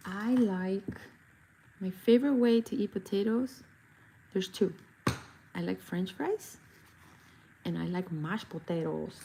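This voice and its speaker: A woman's voice: fairly low pitch, slow pace, pauses often, mellow, a little hiss or hum. A woman face painter chatting casually on a livestream while she paints, self-mocking and chatty. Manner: chatty, self-mocking, bursts into silly song.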